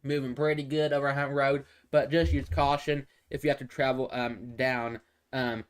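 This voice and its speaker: A man's voice: mid-range voice, level tone, normal speed, clean tone. Rambling man calling traffic on a phone. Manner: rambling, repetitive, with frequent fillers and restarts. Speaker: amateur weather and traffic presenter. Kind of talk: casual live traffic and weather commentary.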